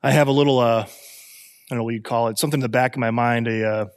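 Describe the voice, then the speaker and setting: A man in his thirties preaching a sermon as pastor, animated and conversational, with restarts and jokes. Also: mid-range voice, very fast, smooth, long reverb tail.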